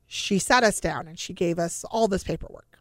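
A woman's voice: on the low side, moderate pace, dry recording, clean studio sound. A middle-aged woman, a mother and guest in an interview, telling her own story in an earnest, conversational way, often repeating words. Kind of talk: emotional personal storytelling in an interview.

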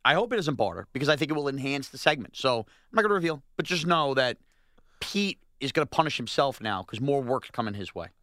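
A man's voice: medium pitch, sing-song, fast talker, a bit bright, no room sound, studio quality. A man co-hosting a sports radio show, complaining with indignant, rising outbursts. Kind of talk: animated sports radio banter.

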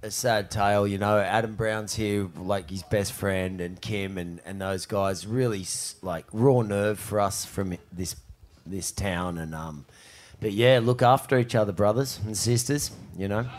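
A man's voice: lowish voice, steady tone, unhurried. A man speaking on stage at a live panel, heartfelt and a bit rambling. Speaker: panel guest, surfer. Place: live panel at a bowling club in front of an audience.

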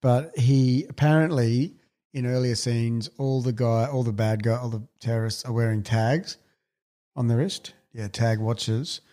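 A man's voice: medium pitch, fairly even intonation, a little slow, warm tone. A man co-hosting a podcast, casually explaining film trivia in a matter-of-fact way. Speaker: podcast co-host. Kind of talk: casual chat about films.

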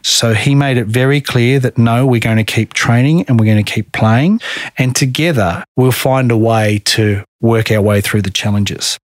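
A middle-aged Australian man telling his own story in a podcast interview, earnest and measured. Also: medium pitch, dry recording, clean studio sound. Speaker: guest.

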